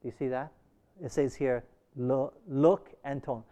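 A man's voice: medium pitch, steady tone, measured pace, warm tone. A man leading an interactive Bible class who keeps quizzing his listeners and restarts his sentences often. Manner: asks the class questions, frequent restarts. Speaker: Bible study teacher.

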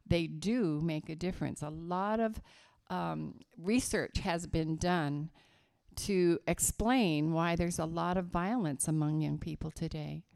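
A woman from West Virginia giving a children's sermon at church, telling a story slowly and emphatically to the kids. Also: sits low, vocal fry, darkish tone.

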